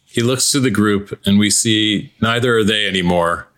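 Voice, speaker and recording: A man's voice: lowish voice, normal speed. Easygoing male podcast host. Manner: relaxed, conversational, some restarts. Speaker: podcast host and stage-direction reader. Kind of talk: scripted narration and podcast sign-off.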